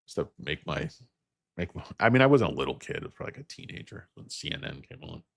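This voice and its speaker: A tired, hoarse-edged man in his fifties rambles through a livestream about stocks with a very deep, low voice. He jokes and drifts from tangent to tangent, recorded close and dry. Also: very animated, quick pace, dry recording. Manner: rambling, joking, tangent-prone. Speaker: host.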